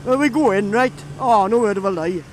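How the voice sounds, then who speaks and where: Welsh-accented young man, very high-pitched, easygoing vlogger spinning a yarn outdoors with faint road noise. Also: a little fast. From Wales. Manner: chatty, laughing storyteller with many fillers. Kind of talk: casual anecdote.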